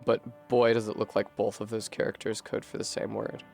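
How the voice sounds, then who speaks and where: A man streaming a game from home, working through a puzzle out loud at a desk microphone with frequent swearing and frustration. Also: on the low side, little pitch movement, normal speed, vocal fry, soft background music. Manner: profane, puzzling aloud, frustrated. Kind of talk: live-streamed gameplay commentary.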